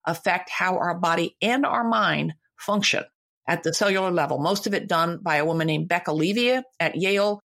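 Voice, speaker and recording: A woman's voice: lowish voice, fairly bright tone. An older woman, a guest author, speaking emphatically and with firm opinions in a conversational interview.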